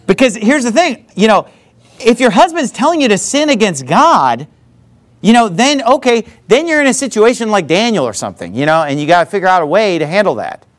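A man's voice: sits high, very animated, a little fast. A man preaching a sermon in an emphatic, conversational way, full of repeated asides. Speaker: pastor.

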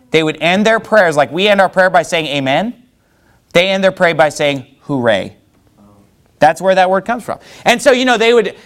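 A man's voice: high-pitched, fairly bright tone. A man preaching a sermon in church, firing rhetorical questions at the congregation. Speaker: pastor.

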